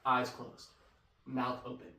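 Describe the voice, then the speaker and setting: A young man hosting a casual podcast, an excitable storyteller who swears a lot. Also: mid-range voice, takes it slowly. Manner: loud, profane, excitable storyteller. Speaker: podcast host. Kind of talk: casual chat. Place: garage. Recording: echoey garage, mic at a distance.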